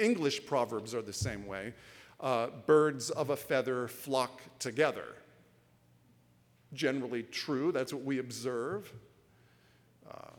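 A man preaching a sermon, explaining proverbs through a story, told deliberately with acted quotes. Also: medium pitch, long reverb tail. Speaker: pastor.

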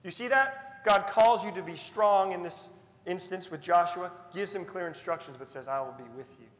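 A male pastor preaches earnestly and emphatically at normal speed, repeating points to drive them home. His fairly bright voice sits a little high for a man, and it rings with the long reverb of a large hall.

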